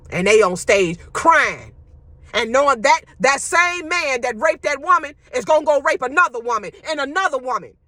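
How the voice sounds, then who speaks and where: Brief: outspoken woman ranting straight to camera, bright, high and emphatic. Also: expressive, normal speed, dry recording. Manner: emphatic, blunt, profane. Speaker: social media commentator. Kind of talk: ranting monologue to viewers.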